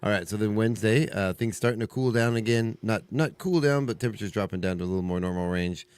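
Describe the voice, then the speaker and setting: A man's voice: lowish voice, fast, darkish tone, clear, resonant tone. A man hosting a small-town radio morning show, a little stuffy from allergies, chatting casually with many stumbling restarts.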